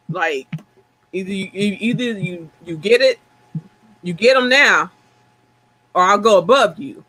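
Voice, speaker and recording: A woman co-hosting a casual chat, telling stories in an animated way and acting out the dialogue. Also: mid-range voice, poor audio.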